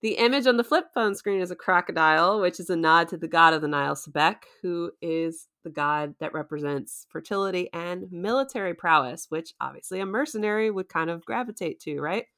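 A woman's voice: on the low side, brisk, hardly any pauses, a bit bright. A woman recapping a show in casual chat, chatty and playful, laughing often. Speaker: co-host.

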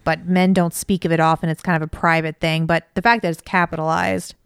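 A woman's voice: on the low side, level tone, brisk, clear, resonant tone, no room sound, studio quality. A woman co-hosting a podcast, chatting casually and thoughtfully about a book she is reading. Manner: thoughtful, analytical, peppered with "you know". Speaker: podcast co-host; mother of school-age kids.

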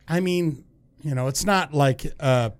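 A man's voice: on the high side, unhurried, clean tone. A man co-hosting a podcast in casual banter, swearing freely and joking. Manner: profane, enthusiastic, jokey. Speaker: podcast co-host.

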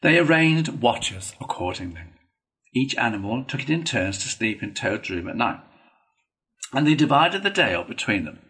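A man narrating a classic children's storybook in a measured, even storytelling manner. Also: medium pitch, rough recording. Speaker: reader.

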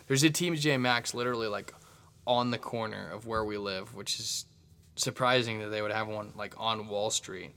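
Chatty young man, slightly low voice. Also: moderate pace, sharp tone. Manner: rambling, self-mocking, chatty. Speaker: podcast host. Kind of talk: casual solo podcast monologue. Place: apartment room.

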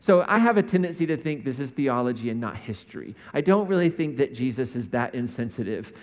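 In a reverberant hall with a dull sound, a pastor with a mid-range voice preaches a sermon. His delivery is animated and brisk, conversational in tone, and he often poses rhetorical questions to his listeners.

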